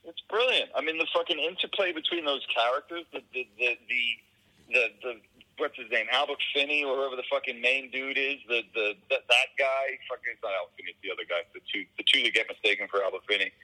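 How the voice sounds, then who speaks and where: Guy with a super bright sharp voice, cursing a lot, ranting hard in a chat. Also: mid-range voice, fast, poor audio. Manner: profane, emphatic ranting. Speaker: guest. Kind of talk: casual conversation.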